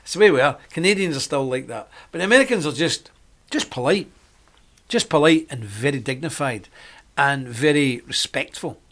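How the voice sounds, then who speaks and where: A man's voice: mid-range voice, expressive, moderate pace, a bit bright. A middle-aged man hosting a live-stream monologue, talking in a rambling, chatty way with frequent laughs. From Britain. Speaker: host.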